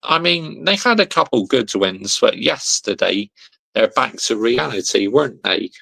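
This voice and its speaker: A man's voice: medium pitch, lively intonation, unhurried, vocal fry, pushed and bright. A young man, hosting a casual football livestream, reading chat comments aloud, laughing often and answering with slang.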